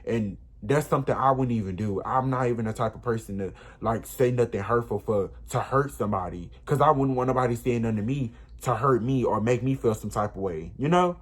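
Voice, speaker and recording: A man's voice: medium pitch, fairly quick, hardly any pauses. A young man with an ordinary mid-range voice tells a personal story to his viewers. He rambles and circles back, and his retelling is openly emotional. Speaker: vlogger. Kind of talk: storytime vlog.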